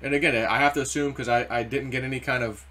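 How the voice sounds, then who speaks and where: A man hosting a casual crypto market commentary, rambling and animated, acting out quoted voices as he goes. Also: medium pitch, fast talker. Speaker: crypto video host.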